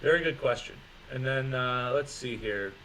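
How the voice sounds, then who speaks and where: A man hosts a casual livestream chat, rambling and swearing, reading viewer comments aloud and sarcastically mocking people's excuses by imitating their voices. His voice is medium-pitched and fairly bright at normal speed, and the poor audio carries slight background noise.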